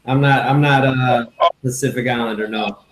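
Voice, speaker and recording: A man hosting an interview, mostly brief answers and quiet laughs. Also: medium pitch, fairly even intonation, moderate pace, roomy sound, heavy background noise. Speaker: podcast host.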